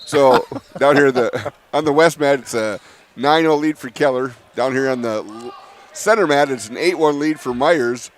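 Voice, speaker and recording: A man's voice: medium pitch, slight background noise. A middle-aged man co-commentating a wrestling meet, giving score updates and short agreements. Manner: terse, quick agreements.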